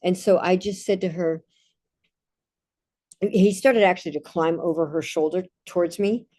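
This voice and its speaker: A woman telling personal anecdotes in a calm, casual monologue, with frequent restarts. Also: on the low side, normal speed. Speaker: meditation speaker.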